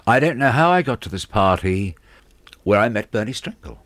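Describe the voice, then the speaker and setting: An Australian man with a very low voice tells career stories in an interview, his pitch swooping widely as he acts out the people in them. He sounds like the radio disc jockey he is. The recording is dry and close, with no room sound. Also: very animated, normal speed, fairly bright tone, no echo. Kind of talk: anecdotal storytelling in an interview.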